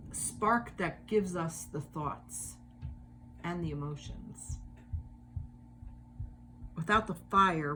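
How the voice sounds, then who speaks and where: A woman's voice: low-pitched, fairly bright tone, slight background noise. A woman giving a casual tarot reading, musing aloud with many fillers and swearing freely. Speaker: tarot reader.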